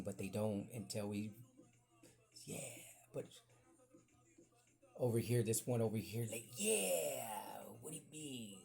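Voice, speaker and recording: A man hosting a podcast, telling a rambling childhood story in casual chat, acting out the people he quotes. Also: on the low side. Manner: rambling, animated, acts out voices in quotes. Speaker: podcast host.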